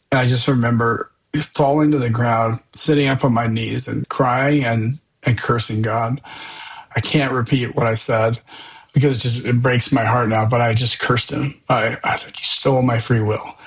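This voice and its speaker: A man's voice: medium pitch, rough recording. A man as a podcast guest, telling a personal testimony in an earnest, candid, loosely conversational way.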